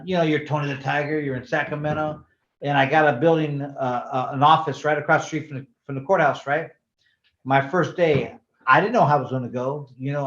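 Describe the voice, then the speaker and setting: A man in his sixties, a former boxing champion, telling stories in a casual interview and acting out the dialogue with slang. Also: on the high side. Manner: animated storyteller who acts out dialogue, with slang and swearing. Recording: roomy, slightly dull sound.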